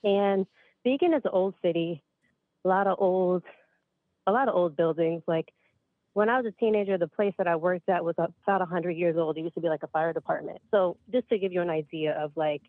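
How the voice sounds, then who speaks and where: A woman's voice: on the low side, a little fast, no echo. A woman in her late twenties from upstate New York, a caller telling a spooky story in a chatty way, a bit out of breath. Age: late 20s. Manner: chatty, addresses listeners as you guys. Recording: dry tinny phone line.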